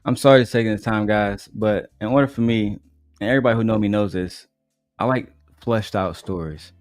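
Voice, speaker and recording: A man hosting a commentary stream, pausing clips to make teasing, sarcastic asides to his viewers. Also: lowish voice, dry recording, studio quality.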